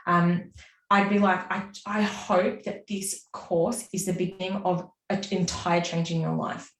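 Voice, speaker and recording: A woman chatting as an interview guest, animated and acting out her own inner voice. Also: medium pitch, unhurried. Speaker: guest, business mentor. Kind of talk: casual interview chat. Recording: roomy sound from a distance off the mic.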